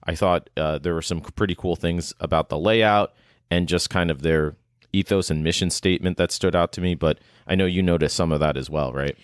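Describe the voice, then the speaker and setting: A man's voice: low voice, brisk, clean tone, dry recording, studio quality. A man co-hosting a podcast, chatting casually in a rambling, hesitant way with lots of fillers. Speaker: podcast co-host.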